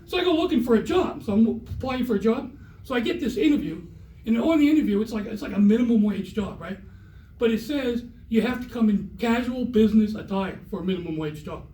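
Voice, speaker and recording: A middle-aged man with a very high voice performs a rambling stand-up comedy set on a theater stage. He is recorded from a distance in a roomy space, with faint ambience behind him. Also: animated, fairly quick, dark tone, slight background noise. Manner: rambling, repetitive storytelling.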